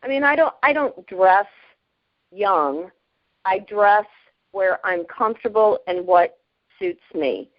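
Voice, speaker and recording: A woman in her fifties, a podcast guest, telling stories in a lively, plainspoken way, often breaking into laughter. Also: mid-range voice, slow, pauses often, no echo, dull audio. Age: 50s. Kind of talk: casual storytelling.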